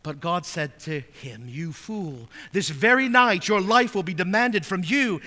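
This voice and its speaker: A pastor preaching a sermon, swinging from hushed, low asides to loud, emphatic readings of scripture. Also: male voice, lively intonation, measured pace, big-room sound. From United States.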